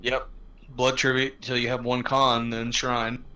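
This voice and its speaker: A man's voice: medium pitch, monotone, unhurried, pushed and bright, clean tone. A man making dry, wisecracking remarks in casual chat while gaming. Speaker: game player.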